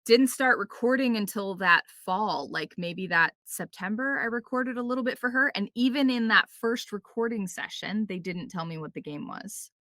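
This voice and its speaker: Bright-voiced chatty woman voice actor. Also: medium pitch, animated, dry recording, studio quality. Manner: chatty, quick anecdotes with playful quoted asides; frequent fillers like "like" and "um". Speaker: video game voice actor, podcast guest. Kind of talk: casual podcast interview.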